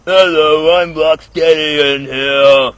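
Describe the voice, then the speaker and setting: A man voicing a dim-witted mutant rhino henchman who repeats himself in a high voice. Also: fairly even intonation, slow, a little hiss or hum. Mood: confused.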